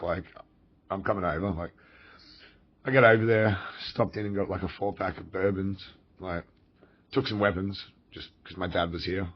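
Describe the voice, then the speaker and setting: An Australian man tells a personal story in a casual, rambling, profane manner, full of fillers and restarts. His voice is deep and husky with a steady tone, a moderate pace, and frequent pauses, captured in a dull lo-fi recording.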